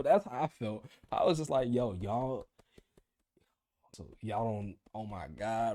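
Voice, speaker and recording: Guy in his 20s venting about work on camera, lots of slang, animated. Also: on the low side, unhurried. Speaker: vlogger. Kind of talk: casual video diary rant.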